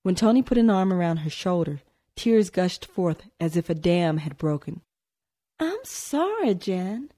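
A woman narrating a novel in a measured storytelling manner. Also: fairly low pitch, warm tone. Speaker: audiobook narrator. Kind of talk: scripted narration.

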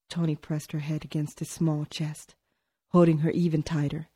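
A woman narrating a novel in a measured storytelling manner. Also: low-pitched, flat delivery, mellow, husky. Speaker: audiobook narrator. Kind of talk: scripted narration.

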